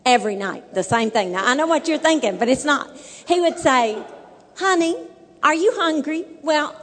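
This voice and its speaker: A high-voiced woman tells a funny marriage story from the pulpit, acting out both sides of the dialogue. She laughs often as she speaks, and her voice rings through a hall with a long echo. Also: expressive, a little fast. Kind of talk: humorous sermon testimony.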